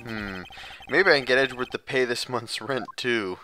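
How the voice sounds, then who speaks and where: A man's voice: mid-range voice, normal speed, music in the background. A man giving casual let's play commentary in mumbled, self-mocking asides.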